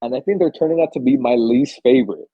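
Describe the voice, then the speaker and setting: A man's voice: medium pitch, quick pace, husky, dry recording, phone-quality sound. A young man co-hosting a podcast, chatting casually and telling stories with lots of swearing, acting out the screams and gasps. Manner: animated storyteller, swears freely, acts out screams and gasps. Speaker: podcast co-host. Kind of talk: casual chat.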